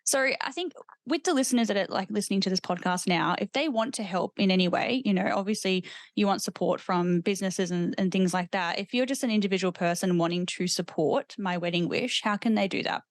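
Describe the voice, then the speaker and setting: An Australian woman hosting a podcast interview, warm and encouraging, with frequent supportive comments. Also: mid-range voice, fairly quick, hardly any pauses, no echo, clean studio sound. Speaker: podcast host, nurse.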